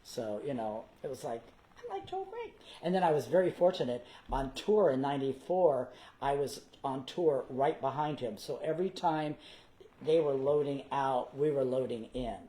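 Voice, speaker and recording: A man, a guest performer, telling theater anecdotes in a casual interview, animated and theatrical. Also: mid-range voice, normal speed, low-quality recording. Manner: animated, theatrical, slips into character voices.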